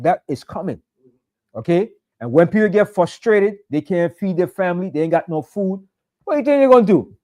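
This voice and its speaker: High-voiced man preaching with fire. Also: darkish tone. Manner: fiery, conversational preaching with emphatic repetition. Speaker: pastor. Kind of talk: sermon.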